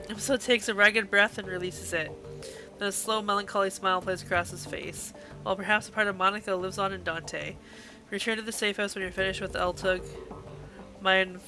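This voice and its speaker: A woman streaming a game live, reading its text aloud and reacting with gushing, emotional outbursts. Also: mid-range voice. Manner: gushing, emotional reactions between read passages.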